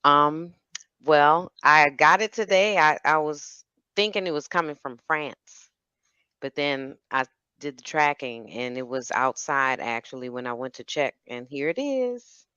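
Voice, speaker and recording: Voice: medium pitch, expressive, measured pace, bright, forceful tone, clean tone, dry recording, lo-fi sound. A caller on a livestream, chatting in a friendly, upbeat way. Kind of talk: casual call-in chat.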